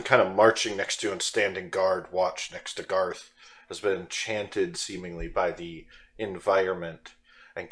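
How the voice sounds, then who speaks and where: A man's voice: sits low, a bit bright. A man running a tabletop game as game master, describing scenes loosely with fillers.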